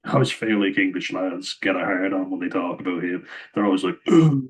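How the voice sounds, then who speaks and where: Irish lad chatting rugby, low steady voice, bit hoarse, laughs a lot. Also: male voice, brisk, low-quality recording. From Ireland. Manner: chatty, laughs often, opinionated banter. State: slightly hoarse, losing voice. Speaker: rugby pundit vlogger. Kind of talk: casual rugby commentary.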